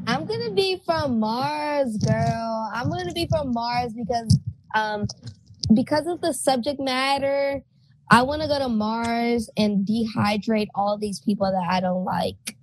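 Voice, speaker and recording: A woman's voice: fairly high pitch, unhurried, a little hiss or hum, poor audio. A woman co-hosting a casual live-stream show, playful and slangy, teasing her co-host.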